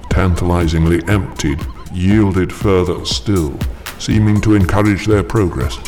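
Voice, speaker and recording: A man narrating a story with dramatic intensity, pushing his voice much higher whenever he quotes a character. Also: measured pace, darkish tone. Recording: narration with clear background music.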